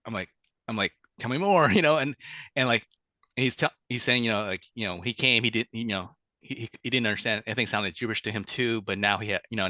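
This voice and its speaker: A children's book author from Vietnam, with a lowish, bright and forceful voice, tells stories in a casual interview. He's halting, full of restarts and fillers, and laughs easily. The recording is dry but dull and lo-fi.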